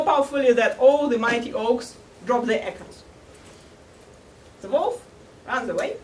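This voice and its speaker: A woman's voice: on the high side, lively intonation, moderate pace, a little hiss or hum. A woman giving a humorous storytelling speech at a contest, playful and chuckling at her own jokes, recorded from far off in a large echoey hall. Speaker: contest speaker. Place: large hall at a cultural center.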